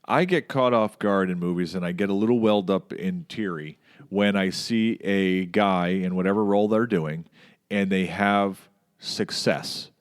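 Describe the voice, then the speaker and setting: A middle-aged man with a fairly low voice tells stories on a casual podcast. He gets animated, jumping much higher when he mimics people shouting. His talk is chatty and keeps checking in with his co-host. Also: measured pace, smooth. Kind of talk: casual chat.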